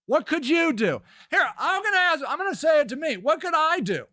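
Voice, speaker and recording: High, bright-voiced sarcastic male streamer. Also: very animated, a little fast, no echo, clean studio sound. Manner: sarcastic, profane, rambling. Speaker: live stream host. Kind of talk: live stream commentary reading chat.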